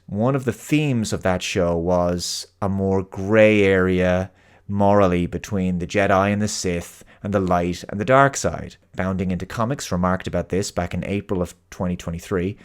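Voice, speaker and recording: An Irish man hosting his own show, delivering an earnest, emphatic opinion monologue. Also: low voice. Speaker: host.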